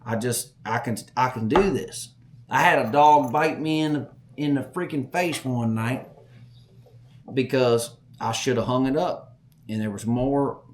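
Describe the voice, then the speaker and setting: Man, middle-aged, folksy storyteller, podcast host, medium pitch. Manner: folksy storyteller, acts out voices loudly. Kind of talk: storytelling chat.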